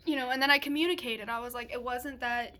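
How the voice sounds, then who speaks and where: A young woman vlogger telling a personal story in a chatty, animated way, swearing freely and laughing as she goes. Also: fairly high pitch, quick pace. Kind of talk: casual storytelling to camera.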